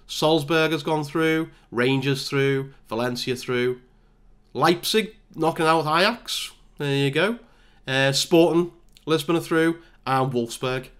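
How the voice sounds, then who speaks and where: A man giving casual, self-mocking play-by-play commentary over a football management game. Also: fairly high pitch. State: out of breath. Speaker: gaming YouTuber.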